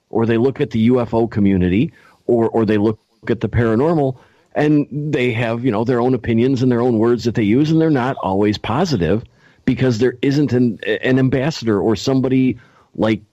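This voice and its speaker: Give me an earnest male panelist with a warm voice over a dull lo-fi line. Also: medium pitch, no room sound. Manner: earnest, searching for words. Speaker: radio show co-host, panelist. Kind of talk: casual roundtable discussion.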